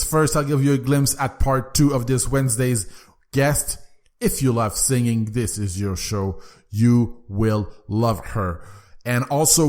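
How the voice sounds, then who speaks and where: A young man from Quebec, Canada, hosts a solo book podcast and speaks with eager, animated enthusiasm. He often stumbles, repeating and restarting his words. His voice sits at an ordinary middle pitch.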